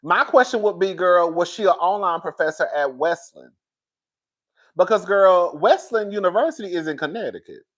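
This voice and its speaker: A woman talking casually to her viewers on a live stream, reading their comments and getting loud and excited when she is worked up. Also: moderate pace. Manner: animated, swings high and loud when worked up.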